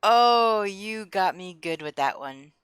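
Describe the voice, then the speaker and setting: A young woman streamer chatting with her viewers in an expressive, excitable way. Her voice sits fairly low but jumps around a lot, and she takes her time between words. She is close to the mic in a dry, deadened space. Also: slow pace, no echo. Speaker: game streamer. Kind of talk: casual live-stream chat.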